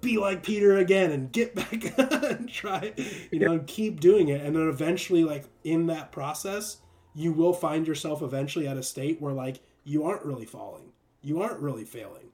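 A young man in casual conversation about faith, animated and laughing often, acting out quick voices. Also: fairly high pitch.

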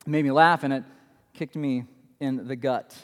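A man in his thirties preaching a sermon as pastor, telling stories in an animated way in a church sanctuary. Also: medium pitch, moderate pace. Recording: long hall reverb.

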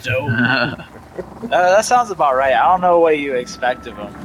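A man's voice: medium pitch, sing-song, normal speed, a bit bright, slight background noise, poor audio. A man in a tabletop game, joking around in casual banter with the table. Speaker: player.

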